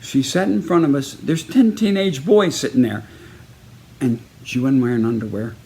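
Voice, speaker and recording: A man from Texas telling a story in a casual personal video message, in a lively way, acting out each person he quotes. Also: mid-range voice, moderate pace. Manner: lively, acts out each person in the story with raised, punchy delivery.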